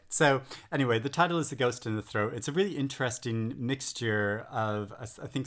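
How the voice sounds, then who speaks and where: A middle-aged man talking through new books in a casual vlog, enthusiastic and rambling with frequent hesitations. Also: medium pitch. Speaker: book vlogger. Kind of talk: casual book-haul chat. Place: home in England.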